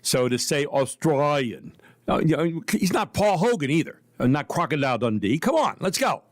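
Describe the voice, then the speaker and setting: A man hosting a talk radio show, chatting casually and joking between segments. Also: fairly high pitch. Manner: jokey, animated, quick asides.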